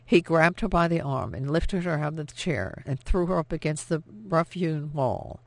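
A man reading an audiobook in scripted narration, measured and even. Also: a little high, no echo.

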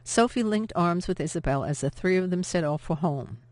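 Audiobook narrator, measured, expressive, dry close mic. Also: medium pitch, no echo. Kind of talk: scripted novel narration.

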